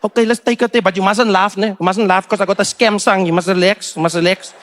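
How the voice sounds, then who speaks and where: Man doing a young Cape Town fan, Cape Town accent, high voice, loud, pushy, bossy. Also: steady tone, quick pace. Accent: Cape Town English.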